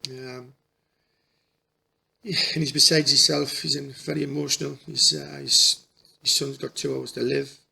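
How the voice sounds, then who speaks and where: A middle-aged man telling a personal story in a halting, emotional way, restarting his sentences often. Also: medium pitch, level tone, gravelly, sharp tone, breathy edge. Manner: halting, repeats and restarts, folksy dialect. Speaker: spiritual healer.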